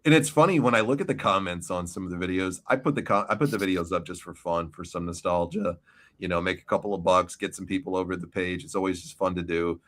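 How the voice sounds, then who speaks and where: A man's voice: deep voice, fast, fairly bright tone. A man with a New York accent, hosting a casual wrestling podcast and telling stories full of swearing. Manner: profane, storytelling. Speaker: podcast host.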